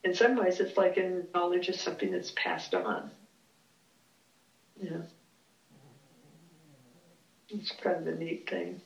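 A teacher explaining a Vedanta lesson in a relaxed, thoughtful way, pausing often to search for words in a small heated room at home. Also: mid-range voice, gravelly. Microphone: far from the speaker. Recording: roomy, distant, dull home recording.

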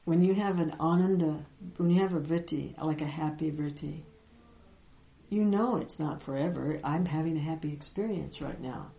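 Woman, spiritual teacher, gentle, reflective, lower pitch, echoey room. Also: creaky. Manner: gentle, reflective, with soft laughs and pauses. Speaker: Vedanta teacher.

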